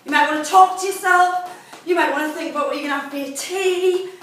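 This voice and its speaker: A woman talks fast in a high, somewhat bright voice while leading a workout video. Between movements she cheers viewers on and becomes winded. Faint noise, a distant mic, and a very echoey room mark the recording.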